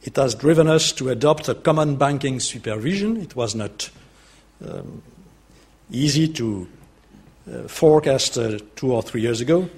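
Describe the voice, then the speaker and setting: Husky-voiced French statesman speaking. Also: mid-range voice. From France. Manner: measured, deliberate, with hesitant fillers. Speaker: statesman giving a speech. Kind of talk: formal political speech.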